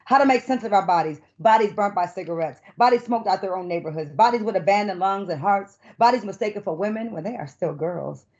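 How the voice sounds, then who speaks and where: Expressive middle-aged woman poet. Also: medium pitch, brisk, few pauses. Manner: expressive, emphatic, with casual spoken phrasing. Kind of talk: spoken-word poetry and conversation. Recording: dull lo-fi recording.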